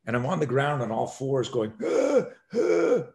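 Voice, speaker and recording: A man's voice: medium pitch, brisk, gravelly. A man, a self-defense expert, telling a story as a podcast guest and acting out the scenes with animation.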